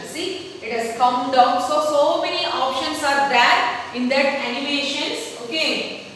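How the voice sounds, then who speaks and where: A woman's voice: high voice, fairly bright tone. A woman teacher with an Indian English accent, giving a computer lesson to children and checking in with them constantly. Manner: addresses pupils as children, repeats okay and see. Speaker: schoolteacher. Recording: echoey room, far from the mic, faint noise.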